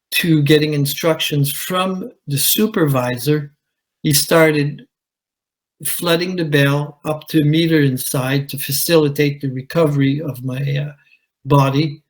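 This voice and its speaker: A man, a commercial diver, telling his own story at a conference in a measured way, with pauses. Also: a little high, low-quality recording. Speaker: commercial diver giving a talk. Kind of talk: conference presentation, personal account. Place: conference hall.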